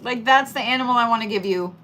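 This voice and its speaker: A woman's voice: a little high, quick pace, bright, forceful tone, a little hiss or hum. A middle-aged woman giving casual, playful zodiac tarot readings, swearing freely and hyping up her listeners. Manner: swearing, playful, hyped-up and chatty.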